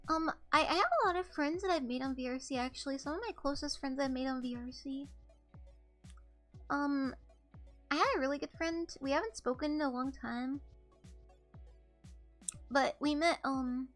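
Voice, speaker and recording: Bright high-voiced young woman streamer. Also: normal speed, long pauses, soft background music. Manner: rambling, giggly, apologetic. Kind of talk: casual live-stream chat.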